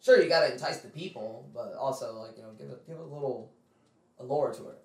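A man's voice: mid-range voice, quick pace, vocal fry. A man co-hosting a podcast in a casual chat, laid-back and joking. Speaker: podcast co-host. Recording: roomy echo.

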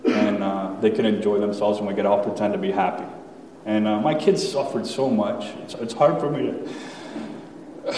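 A man in his thirties telling his personal testimony to a church congregation, candid and conversational, with fillers and soft laughs. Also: mid-range voice, slight background noise. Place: church sanctuary. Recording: echoey hall, voice from far off.

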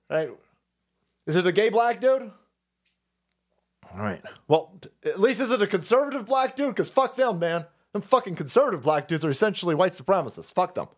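A man in his forties on a livestream, ranting in a foul-mouthed, mocking way. His pitch swings widely and sits a little high for a man. He breaks into laughter as he goes. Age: 40s. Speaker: livestream host. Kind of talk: profane comedic rant.

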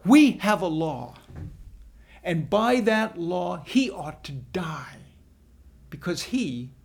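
A man voicing an angry crowd of chief priests, shouting demands in a scripture drama. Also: sits high, sing-song, slow, gravelly, exaggerated voice.

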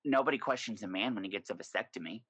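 A man chatting as a podcast guest, dramatic and full of swearing as he tells his stories. His voice is bright and forceful, with a dry, close sound and no room around it. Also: on the low side, fast, breathy edge, no echo, poor audio. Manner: animated, profane storyteller. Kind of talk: casual chat.

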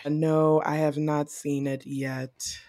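A woman's voice: sits low, flat delivery, slow pace, mellow, no echo, studio quality. A young woman co-hosting a casual chat show, playful and laughing often. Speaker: podcast co-host.

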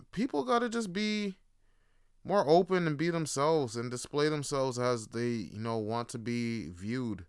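A man's voice: mid-range voice, a bit bright, clear, resonant tone, dry recording, studio quality. A man hosting a podcast, talking in a casual, rambling, profane monologue. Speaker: podcast host.

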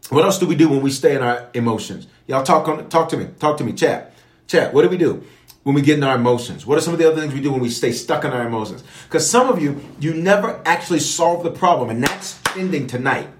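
A man preaching to an online audience, repeating key phrases and calling on viewers to respond. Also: on the high side. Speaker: pastor leading online prayer. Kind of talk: livestream sermon and prayer teaching. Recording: echoey room.

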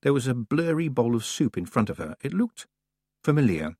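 Lively husky male audiobook narrator. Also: mid-range voice, normal speed, no echo, clean studio sound. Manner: expressive, playful storytelling.

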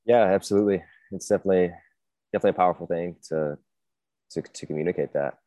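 A man's voice: sits low, fast, mellow, no room sound. A man hosting a podcast, replying in an affirming, thoughtful way with frequent fillers in a casual conversation. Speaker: podcast host.

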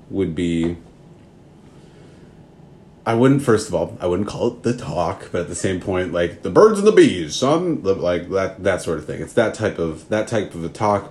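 A man's voice: deep voice, a little mellow, slight background noise. A man from Minnesota giving an earnest, rambling spoken answer, full of restarts and asides.

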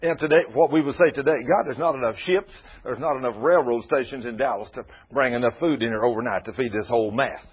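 A man's voice: medium pitch, quick pace, hardly any pauses, breathy edge. A man preaching a sermon in a folksy, conversational way, retelling Bible scenes. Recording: muffled lo-fi radio broadcast.

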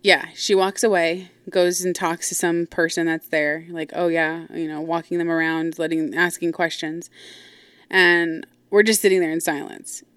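Woman, lowish voice, smooth, casual storytelling, blunt and profane, dry. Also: level tone, normal speed, a bit bright, no echo. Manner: blunt, profane, full of asides. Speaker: podcast host.

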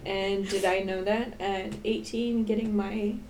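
A woman's voice: medium pitch, flat delivery, unhurried, darkish tone, slight background noise, rough recording. A young woman co-hosting a casual podcast, joking and laughing often. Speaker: podcast co-host. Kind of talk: casual chat.

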